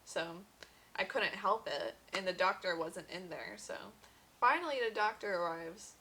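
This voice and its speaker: A woman's voice: mid-range voice, sharp tone, a little hiss or hum, low-quality recording. A young woman vlogger telling a personal story in a casual, chatty way, full of fillers and quoted dialogue.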